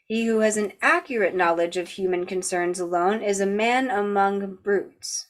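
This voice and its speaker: A woman hosting a book club, reading a philosophy text aloud at an even pace and breaking off now and then for casual chatty asides. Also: mid-range voice, normal speed.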